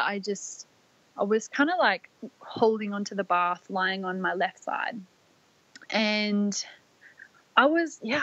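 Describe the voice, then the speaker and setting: A young Australian woman, a podcast guest, telling a personal story in a soft, rambling way full of "like" fillers. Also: medium pitch, no room sound. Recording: dry, slightly dull lo-fi audio.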